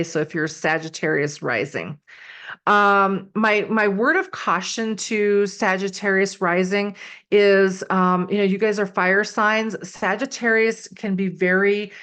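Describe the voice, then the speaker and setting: A woman's voice: mid-range voice, a bit bright. A woman giving casual astrology readings to her viewers, chatty and full of fillers, often checking in with "okay?". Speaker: astrology YouTuber. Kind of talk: casual horoscope talk to camera.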